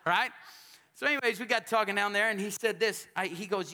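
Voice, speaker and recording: A man from Texas, a pastor preaching a sermon in a church sanctuary, telling stories and building up to shouted calls for amens. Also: sits high, brisk.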